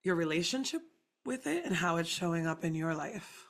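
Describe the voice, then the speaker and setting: A woman's voice: lowish voice, expressive, normal speed. A woman hosting a podcast, asking questions in a chatty way and feeling for her words. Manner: chatty, searching for words, quoting herself. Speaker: podcast host. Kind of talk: casual interview chat.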